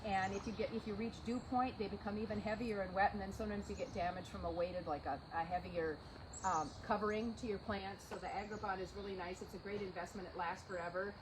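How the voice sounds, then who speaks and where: A woman's voice: medium pitch, fairly even intonation, fast. A woman co-hosting a gardening show, talking casually and with enthusiasm. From Minnesota. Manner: enthusiastic, playful. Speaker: co-host, master gardener. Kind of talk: casual educational chat. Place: outdoor garden. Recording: outdoor recording with background noise.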